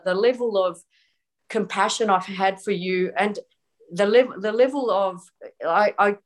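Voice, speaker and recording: A woman hosting a podcast, speaking candidly and with feeling in a casual conversation. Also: medium pitch.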